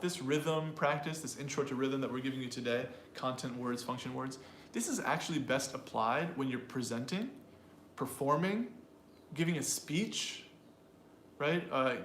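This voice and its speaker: A man's voice: on the high side, fairly bright tone. Man, English teacher, upbeat, roomy echo, faint hiss. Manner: upbeat, explains and drills sentences aloud. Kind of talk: live-streamed pronunciation lesson.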